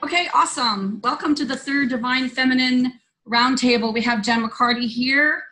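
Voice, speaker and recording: Woman, host, spiritual roundtable, video call, earnest storytelling, bright tone, higher pitch. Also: moderate pace, rough recording. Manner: earnest storytelling, loose and conversational.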